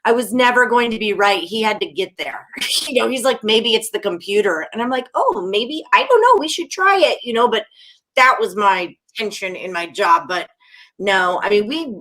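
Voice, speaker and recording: A young adult woman guesting on a podcast, chatting casually and giggling through animated stories. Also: medium pitch. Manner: giggly, quick animated storytelling. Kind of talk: casual chat.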